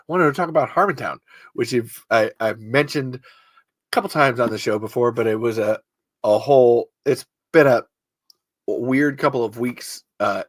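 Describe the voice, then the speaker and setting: A man's voice: mid-range voice, fairly bright tone, no echo. A man hosting a podcast solo in loose, rambling casual chat, swearing freely. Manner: rambling, swearing, self-interrupting. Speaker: podcast host.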